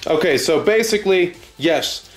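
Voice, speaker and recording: A tabletop game player who hosts his own channel speaks at normal speed in a voice that sits high. Recording a battle report in an echoey room, he banters casually, joking, swearing, and getting excited as he rolls dice.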